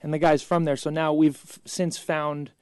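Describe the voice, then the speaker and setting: A man in his thirties with a fairly high-pitched voice, appearing as a talk-show guest. He tells lively stories, laughing and stumbling over fillers as he goes. His voice sounds dry and close to the microphone. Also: normal speed, clear, resonant tone, no echo. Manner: animated, laughing anecdotes with many fillers. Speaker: guest, filmmaker and actor. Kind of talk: casual interview storytelling.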